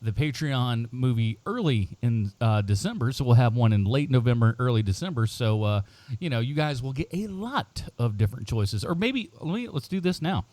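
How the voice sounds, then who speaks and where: A middle-aged man hosts a casual podcast, rambling through his intro with plenty of fillers. His voice swoops up and down animatedly, at an everyday middle pitch. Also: sing-song, moderate pace, a little mellow, no room sound. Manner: rambling, laughs often, lots of fillers. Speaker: podcast host.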